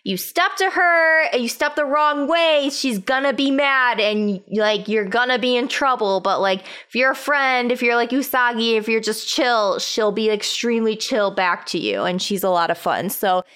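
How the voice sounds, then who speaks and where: A woman in relaxed podcast banter, giving a friend sincere, effusive praise. Her voice is smooth and clear and sits a little high. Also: normal speed, few pauses. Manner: earnest, gushing compliments. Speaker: podcast co-host. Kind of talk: casual podcast chat.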